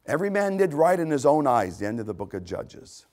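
Animated older male preacher. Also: fairly high pitch, a little fast. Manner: animated, dramatic shifts between loud exclamations and hushed asides. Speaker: pastor. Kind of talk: sermon.

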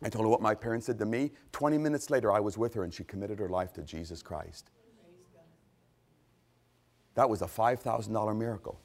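A man's voice: fairly low pitch, fairly quick, long pauses. Fervent man preaching a sermon. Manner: fervent, rising to loud emphatic peaks.

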